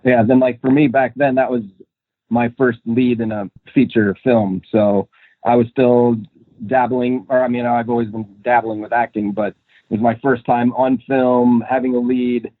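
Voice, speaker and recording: A man's voice: medium pitch, flat delivery, normal speed, no room sound. A young man from Minnesota, an actor, chatting in an interview in a rambling way with lots of fillers and laughs. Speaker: actor, guest. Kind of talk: casual interview chat. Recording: tinny phone-like line, dry.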